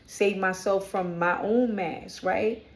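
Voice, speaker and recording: A woman's voice: mid-range voice, steady tone, takes it slowly. A woman from Brooklyn, chatting candidly in a spiritual vlog and often checking in with "right?". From Brooklyn, New York. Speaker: spiritual vlogger. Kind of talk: casual spoken reflection. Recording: echoey room.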